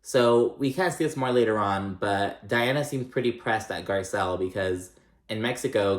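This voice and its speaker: A man with a lowish voice rambles through a reality TV recap, loose and profane, leaning on filler words. The sound bounces around an echoey room. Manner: chatty, profane, rambling with many likes. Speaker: recap vlogger.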